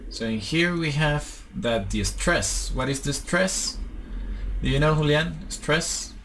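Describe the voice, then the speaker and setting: Patient English tutor, gravelly voice. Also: male voice, on the high side, expressive, slow, a bit bright, slight background noise, poor audio. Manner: patient, switches to Spanish to explain. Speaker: English teacher. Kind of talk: one-on-one English lesson.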